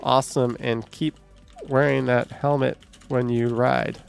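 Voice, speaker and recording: Gravelly-voiced man chatting on a livestream. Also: medium pitch, level tone, measured pace, faint music behind. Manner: joking, sarcastic asides with frequent laughs. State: short of breath, voice fading. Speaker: livestream host reading chat comments. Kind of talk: casual live chat.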